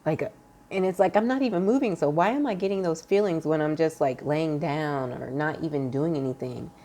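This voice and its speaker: Low-voiced woman, halting personal vlog. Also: warm tone, a little hiss or hum. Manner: halting, with many fillers and restarts; earnest, confiding tone. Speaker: vlogger sharing a health update.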